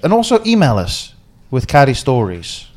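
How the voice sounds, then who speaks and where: A man's voice: mid-range voice, huge pitch swings, normal speed, darkish tone. Slangy man co-hosting a podcast. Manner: loose, slangy storytelling with swearing. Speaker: podcast co-host. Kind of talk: casual chat.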